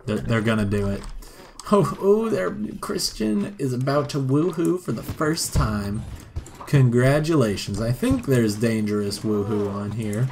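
A man talks through a life-sim game in a wry, sarcastic let's play style. His mid-range voice has a gravelly creak, and soft keyboard typing sounds behind him. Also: medium pitch, lively intonation, a little slow, noisy background. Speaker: gameplay commentator.

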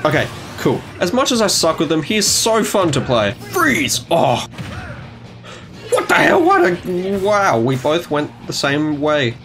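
A young man commentating his own video game matches, excitable and quick to yelp, gasp and trash-talk. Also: fairly high pitch, faint music behind. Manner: excitable, yelps and gasps at plays, trash talk. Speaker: gaming YouTuber. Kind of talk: gameplay commentary.

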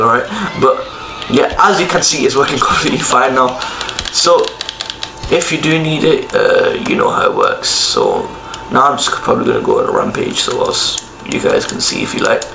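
Chatting in slang as he plays on camera, this young male YouTuber offers tutorial and gameplay commentary. He speaks fairly quickly in a mid-range voice with vocal fry and wildly swooping pitch, recorded in an echoey room with background noise.

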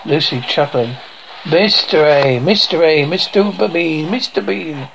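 A woman's voice: low voice, lively intonation, takes it slowly, a little hiss or hum, rough recording. A woman reading a horror show transcript aloud, sound cues included, acting out screams and gasps between the lines.

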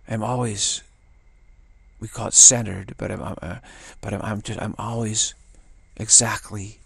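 An older man giving a casual spiritual talk, rambling and halting with many restarts and playful acted-out quotes. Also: on the low side, level tone, gravelly, a bit bright, breathy edge, no room sound. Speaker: spiritual teacher.

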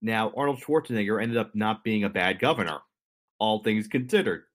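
A man with a slightly low voice talks through a story on a podcast. He keeps it conversational and drops in jokey asides for his co-host. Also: a little fast, a bit bright.

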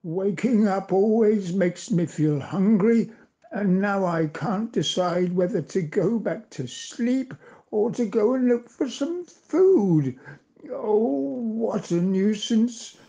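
An older man voicing a lazy, grumbling male badger who has just been woken up, his voice pitched well above his own. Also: animated, slow pace, creaky, dark tone, exaggerated voice. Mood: grumbly. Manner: grumbling, put-upon complaining.

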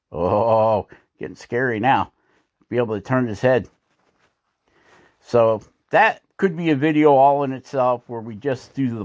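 A man's voice: mid-range voice, no room sound, studio quality. A man with a mid-range voice talks through his hand carving step by step. He is folksy and chatty and slips in jokes and wordplay as he works. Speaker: woodcarving channel host. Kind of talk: casual carving tutorial narration.

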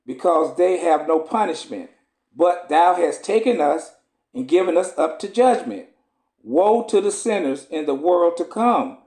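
A man's voice: a little high, darkish tone. A man reading aloud the pleading lines of a male prophet in archaic scripture language. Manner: reads archaic scripture, rising pleas. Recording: roomy echo.

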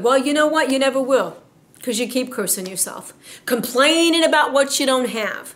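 A woman preaching a sermon in an emphatic, exhorting way, slowing down to stress her points. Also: high-pitched, expressive.

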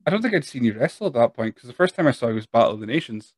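Hosting a casual interview podcast, a thirty-something man from northeast Scotland rambles and pokes fun at himself in a Speyside Scottish accent. His mid-range voice swings widely in pitch and comes out rapid-fire, with no room sound at all.

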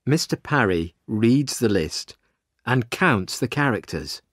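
A man narrating a simple story slowly and clearly for English learners. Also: medium pitch, no echo, clean studio sound. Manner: slow, clear and expressive reading.

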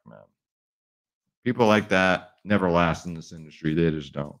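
Brash low-voiced man hyping bets. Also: moderate pace. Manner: brash, swears freely, whoops loudly. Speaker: sports betting picks host. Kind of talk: casual hyped-up vlog talk. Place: sparse home studio with bare walls.

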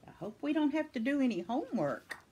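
A woman's voice: high-pitched, big pitch swings, brisk, dark tone, slight background noise, voice pushed up. Woman doing a spirited little girl's voice. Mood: cheeky. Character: spirited young girl.

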